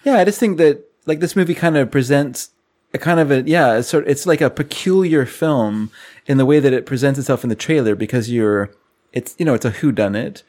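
A man's voice: mid-range voice, a little mellow. A man co-hosting a podcast in casual chat, easygoing and agreeable. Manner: easygoing, agreeable, quick to laugh. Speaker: podcast co-host.

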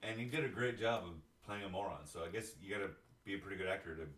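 A man's voice: low-pitched, racing, fairly bright tone, far from the mic. A man guesting on a casual chat, making dry, brief wry remarks. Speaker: podcast guest. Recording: roomy echo, off-mic.

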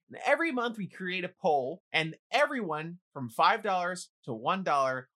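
A man with a high, very lively voice co-hosting a podcast. He teases his friend and laughs often in easy conversation. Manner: expressive, teasing, laughs often. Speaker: podcast co-host. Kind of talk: casual podcast chat.

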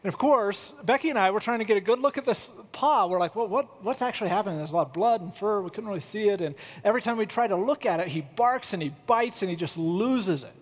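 High-voiced man preaching a casual sermon. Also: expressive, quick pace, hardly any pauses. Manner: conversational, humorous storytelling. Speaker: pastor. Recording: long reverb of a large hall.

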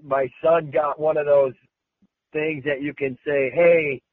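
A man's voice: on the high side, level tone, a little slow, no room sound. A male American wrestling coach answering questions, emphatic and repetitive, with many restarts. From United States. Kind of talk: press interview. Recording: tinny phone-like sound.

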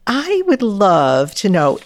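A woman podcast host who responds in a measured, affirming way before asking her guest a question. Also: medium pitch, huge pitch swings, no echo. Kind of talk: interview questions.

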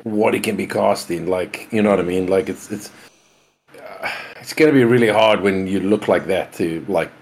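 A man's voice: deep voice, moderate pace. A man co-hosting a podcast in casual chat, laid-back and hedging, swearing casually. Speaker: podcast co-host.

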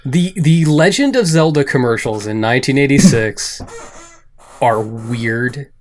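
A man hosting a podcast, joking and talking fast in casual banter with his co-hosts. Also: medium pitch, animated. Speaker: podcast host.

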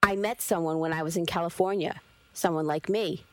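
A woman voicing a quiet, soft-spoken clay golem son. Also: on the low side, fairly even intonation, dry recording, lightly acted. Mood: soothing. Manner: slow, soft, few words. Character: gentle gray clay golem son, young man, quiet.

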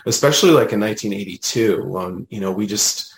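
Male guest, medium, low voice, chatty storyteller, echoey room sound. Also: a little fast. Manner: animated, retells dialogue, many fillers. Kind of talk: casual storytelling.

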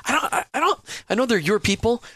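A man's voice: very high-pitched, sing-song, fast talker, fairly bright tone, husky, no echo, clean studio sound. A man hosting a Christian radio talk show, enthusiastic, with stumbling restarts.

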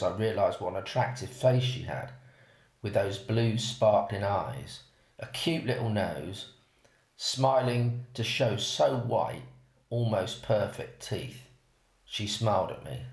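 A man, reading a first-person story aloud in an unhurried way. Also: fairly low pitch, gravelly. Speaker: narrator. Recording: roomy echo.

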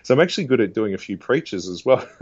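A man's voice: medium pitch, sing-song, a little mellow, slightly rough, dry recording. A man talking casually in an interview about the voices he does, laughing often and slipping into impressions. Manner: breaks into quick celebrity and preacher impressions, laughs often. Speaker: impressionist guest. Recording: dull lo-fi sound.

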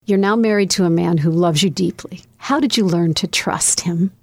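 Low-voiced woman host asking gentle questions. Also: normal speed, dry recording, clean studio sound. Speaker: podcast host. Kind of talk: interview questions.

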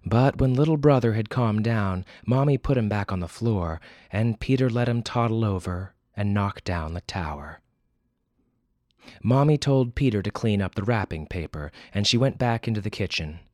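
Expressive male storyteller, lively pitch. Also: normal speed, no room sound, clean studio sound. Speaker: podcast host and narrator. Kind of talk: storybook narration.

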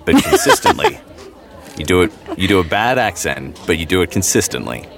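A man, a voice actor, chatting casually on a podcast panel in a relaxed, hesitant way with many fillers. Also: low-pitched, brisk, some chatter behind.

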